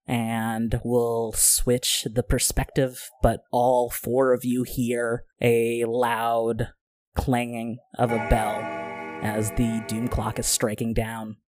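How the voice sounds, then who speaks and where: Guy running a tabletop game, narrating scenes, some faint music behind. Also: medium pitch. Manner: animated, laughing, swears casually. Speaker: game master.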